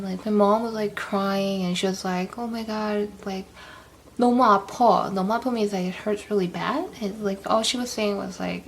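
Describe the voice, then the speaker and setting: Chatty young woman with a gravelly voice. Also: medium pitch, a little hiss or hum. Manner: rambling, heavy use of "like". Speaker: vlogger. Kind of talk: casual vlog storytelling.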